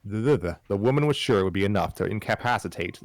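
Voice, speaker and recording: A man's voice: lowish voice, lively intonation, fast, dry recording. A man hosting a live stream, reading a fan story aloud with frequent stumbles, restarts and wry asides.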